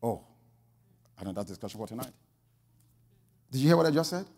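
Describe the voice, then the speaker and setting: A pastor preaching a sermon, telling a story that swings from quiet asides to loud exclamations. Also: male voice, mid-range voice, lively intonation, fairly quick, breathy edge, long reverb tail.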